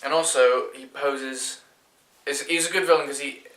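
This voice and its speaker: A man's voice: mid-range voice, fairly even intonation, moderate pace, a bit bright. A man with a British accent giving a rambling, chatty movie review, full of fillers and restarts. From Britain. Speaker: film reviewer. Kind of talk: casual spoken movie review. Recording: echoey room.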